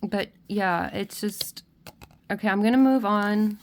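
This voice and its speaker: A woman's voice: mid-range voice, measured pace, slight background noise. Tearful woman giving a tarot reading. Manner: gentle, emotional, many restarts and "okay?" check-ins. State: tearful, crying at times. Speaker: tarot reader. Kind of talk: spiritual pick-a-card reading, speaking to viewers.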